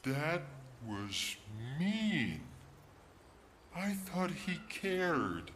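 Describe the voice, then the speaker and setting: A man's voice: a little high, very animated, extremely slow, a bit bright, a little hiss or hum, exaggerated voice. An actor playing a sulky, wounded male game character who draws out his lines plaintively. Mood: aggrieved. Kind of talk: video game voice acting.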